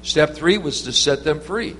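A man's voice: a little high, lively intonation, measured pace, a bit bright. A man preaching an informal sermon, telling stories in a rambling, conversational way with many restarts. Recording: reverberant hall with faint hum.

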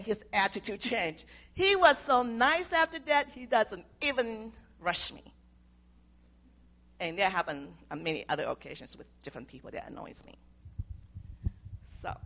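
Older woman with a gravelly, earnest voice. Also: lowish voice, a bit bright. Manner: earnest, homely, with simple grammar slips and restarts. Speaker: speaker sharing a devotional talk. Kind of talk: informal sermon.

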